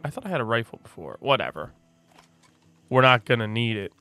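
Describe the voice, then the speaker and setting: A man hosting a let's play, commenting on the game in an excitable, joking way. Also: mid-range voice, brisk. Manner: excitable, joking, often laughing. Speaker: gaming channel host.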